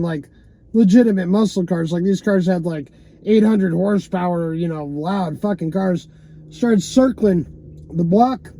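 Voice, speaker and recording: A man talks in a casual, rambling way, leaning on "you know" and "man" and swearing freely. His voice sits high but sounds dark and mellow. The sound is dry and close, recorded inside a parked car. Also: no echo. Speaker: vlogger telling a personal story.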